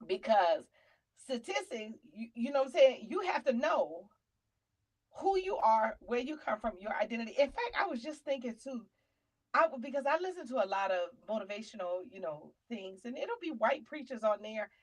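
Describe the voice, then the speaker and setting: A middle-aged woman hosting a casual talk show, animated and preachy, now and then shouting out names. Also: fairly high pitch, normal speed, low-quality recording. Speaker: show host.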